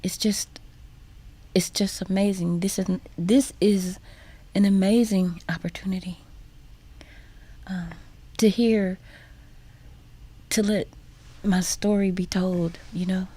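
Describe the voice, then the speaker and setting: A woman telling a personal story as a radio guest, halting and repeating words, sometimes dropping to a whisper. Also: mid-range voice, steady tone, warm tone, breathy edge. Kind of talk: personal testimony in a radio interview. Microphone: studio microphone.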